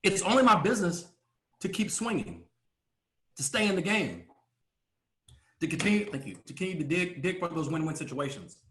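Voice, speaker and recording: Emphatic, lively man coaching in an echoey room. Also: high voice, fairly quick, pauses often. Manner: emphatic, asks rhetorical questions, frequent throat clearing. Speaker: business coach. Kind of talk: motivational talk.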